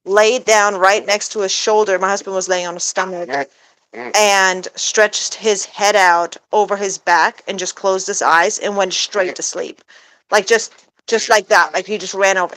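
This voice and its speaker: Woman vlogger, casual rambling talk with fillers, average pitch, outdoors. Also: fairly bright tone, poor audio. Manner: rambling, filler-heavy, coos at her pet in a high baby voice. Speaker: pet goose owner vlogger. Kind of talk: casual chat to camera. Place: backyard outdoors.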